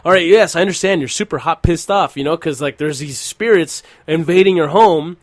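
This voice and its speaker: A man's voice: high-pitched, moderate pace, few pauses, no room sound, clean studio sound. A young man hosting a casual podcast, retelling a movie scene with lots of swearing and laughter. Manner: profane, laughing storyteller. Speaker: podcast host.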